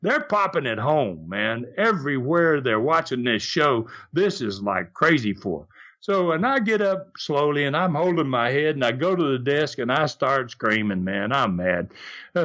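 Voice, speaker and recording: A man's voice: mid-range voice, normal speed. An older man, hosting a podcast and telling stories, acting out the quotes with energy. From American South. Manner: animated, acts out shouted quotes. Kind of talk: storytelling chat.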